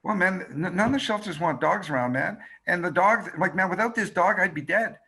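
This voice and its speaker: A man's voice: sits high, brisk, sharp tone, husky, exaggerated voice. A man voicing a scruffy homeless man with a dog, slangy, saying "man" a lot. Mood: earnest.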